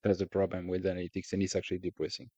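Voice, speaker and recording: A man's voice: deep voice, completely flat delivery, racing, dark tone, dry recording. A man with a French accent, a native French speaker co-hosting a podcast in casual chat, talkative and casually profane. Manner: talkative, swears casually, frequent restarts. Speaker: podcast co-host. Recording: dry, slightly dull sound.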